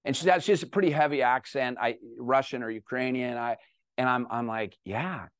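A middle-aged man giving a talk to an audience, telling a personal story with animated, self-deprecating humor. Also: medium pitch, fairly quick, smooth, no echo, clean studio sound. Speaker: guest speaker.

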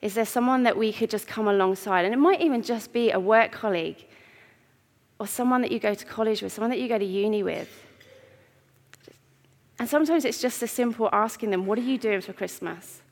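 A woman giving an earnest, heartfelt sermon in a church, with pauses. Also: on the high side. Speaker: preacher. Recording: long reverb of a church hall.

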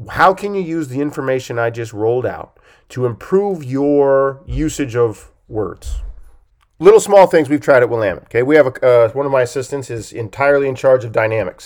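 Emphatic man coaching on a podcast. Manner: emphatic, keeps checking in with "okay?"; lively swings in pitch and loudness for emphasis. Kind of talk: podcast talk.

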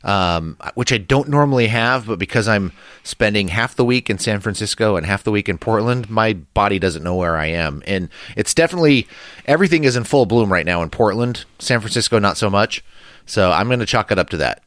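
A man co-hosting a casual podcast, chatting and telling stories, his voice a little deeper from allergies. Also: animated, fairly quick, a bit bright, no echo, studio quality. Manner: chatty, self-deprecating storyteller. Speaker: podcast co-host.

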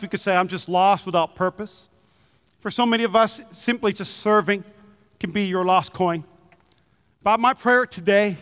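A man preaches to his congregation with a high, bright voice. He tells stories animatedly, jumping into shouted quotes. His voice rings with a long reverb off the church hall. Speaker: pastor. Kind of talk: sermon.

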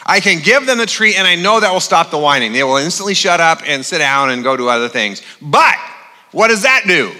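A male pastor delivers a sermon with a bright, forceful voice and a somewhat high pitch. He talks in a loose, joking, conversational way, full of "uh"s, and a long reverb from the large church auditorium hangs on his words. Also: very animated, brisk. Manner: conversational, humorous, with frequent fillers.

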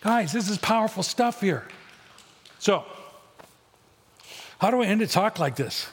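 A man's voice: sits high, animated, unhurried, a little hiss or hum. A middle-aged man preaching a sermon as pastor, blunt and conversational with touches of humor. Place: church auditorium. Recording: long hall reverb.

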